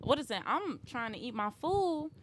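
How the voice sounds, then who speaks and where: A woman guest on a podcast telling a story in casual chat, animated and skipping details with "da, da, da.". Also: high voice, normal speed, slight background noise. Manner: animated, fills quotes with "da, da, da".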